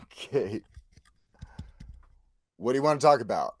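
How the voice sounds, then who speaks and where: A man's voice: medium pitch, expressive, measured pace, darkish tone. A man calling in to a talk show, asking curious, detailed questions. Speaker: caller. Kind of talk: casual interview questions.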